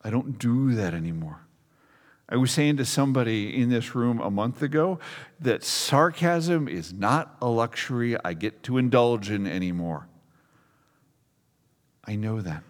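A man's voice: on the low side, measured pace, long pauses. A pastor in his forties preaching a sermon, telling stories with self-mocking humor and acting out the people in them. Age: 40s. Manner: lively storytelling, acts out quotes, self-mocking humor. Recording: long reverb of a large hall.

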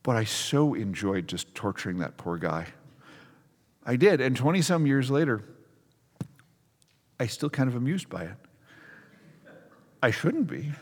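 A pastor in his forties preaching a sermon, telling stories with self-mocking humor and acting out the people in them. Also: mid-range voice. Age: 40s. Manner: lively storytelling, acts out quotes, self-mocking humor. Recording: long reverb of a large hall.

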